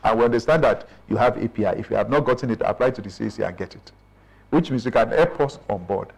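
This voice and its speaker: A man's voice: mid-range voice, fast talker, vocal fry, darkish tone, slightly rough, rough recording. A middle-aged man with a Nigerian accent, an official explaining procedures in a radio interview and often checking in with "right?". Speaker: official explaining business registration.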